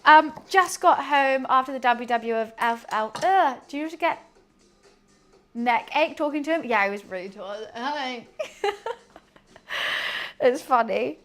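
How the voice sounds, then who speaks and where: A young woman streaming and chatting casually, telling a story with quick asides and frequent laughs. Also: sits high, a bit bright, soft background music. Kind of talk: casual chat to a stream audience.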